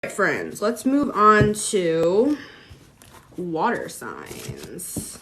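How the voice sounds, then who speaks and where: A woman's voice: fairly low pitch, huge pitch swings, drawn-out words, fairly bright tone, a little hiss or hum. A woman giving a casual livestream tarot reading, chatting with viewers and using lots of "like". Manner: chatty, talks to viewers, many "like"s.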